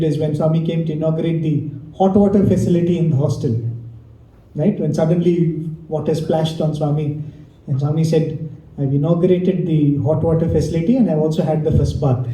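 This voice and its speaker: A man's voice: on the high side, mellow. A young adult man telling amused anecdotes at a devotional gathering, with a distant mic in a hall. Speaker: devotional speaker. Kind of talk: storytelling talk at a devotional gathering.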